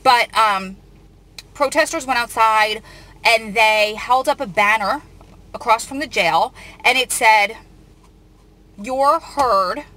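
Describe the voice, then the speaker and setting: A woman's voice: a little high, measured pace, pushed and bright. A woman host reading out a news article and commenting on it, earnest and emotional, often restarting her sentences.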